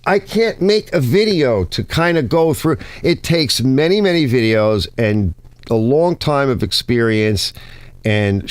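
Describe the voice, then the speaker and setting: At his home garage workbench, a man hosting a garage channel explains cleaning chemicals and tools in blunt, casual shop talk with some swearing. His voice is medium-pitched with no room sound, picked up by a close mic he sometimes bumps.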